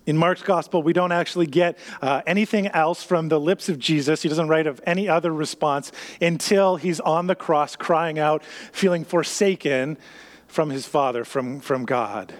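A man preaching a sermon, acting out everyday scenes with lively, raised voices between calmer teaching. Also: on the high side, in a large hall. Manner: animated, acts out scenes in a raised voice. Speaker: pastor.

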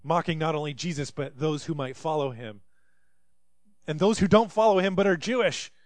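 A man's voice: a little high, normal speed, dry recording. A man preaching a sermon, reading scripture aloud and acting out the people in it. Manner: reads scripture aloud and voices quoted speakers dramatically. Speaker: pastor.

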